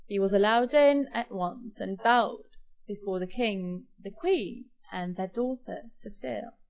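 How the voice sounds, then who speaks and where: A woman narrating a children's fairy tale in an expressive, clear storybook style. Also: mid-range voice, unhurried.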